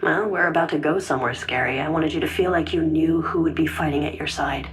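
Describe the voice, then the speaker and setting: A woman voicing a secretive female hacker in an audio drama, calm and intense, with a soft, hushed delivery. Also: sits low, quick pace, reverberant, natural voice. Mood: warm, hushed. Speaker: anonymous leaker.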